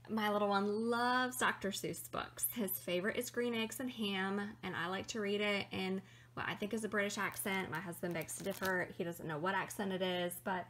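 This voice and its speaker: A woman's voice: medium pitch, a bit bright. A young woman vlogger chatting casually and upbeat as she shows items to camera, with frequent ums. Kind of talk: casual show-and-tell vlog.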